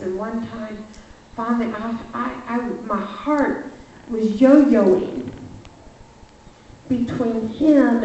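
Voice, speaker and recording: A woman giving a lively, emphatic sermon testimony, telling a personal story in a church. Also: high-pitched, slight background noise. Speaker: speaker. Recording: far-off echoey church hall, muffled.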